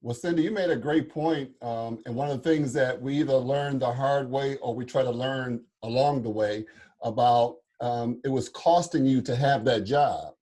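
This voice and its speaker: Male co-host, husky raspy voice, reflective, repeats phrases for weight. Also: medium pitch, moderate pace, mellow. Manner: reflective, repeats key points. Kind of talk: interview hosting.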